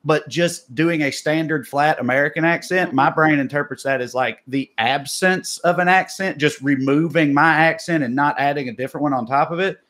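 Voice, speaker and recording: A man with a heavy Southern Appalachian drawl spins a story in relaxed podcast chat. He rambles and restarts, leaning on "like" as he goes. His voice sits a touch high for a man. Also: normal speed, few pauses. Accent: Southern US, Appalachian (Tennessee). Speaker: podcast co-host, comedian. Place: Los Angeles.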